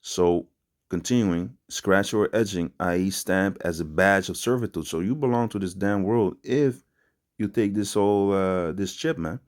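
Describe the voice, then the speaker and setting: Man preaching informally, very low voice, street slang, rambling with fillers. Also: moderate pace, a little mellow. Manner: rambling with many fillers and restarts. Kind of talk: informal religious teaching.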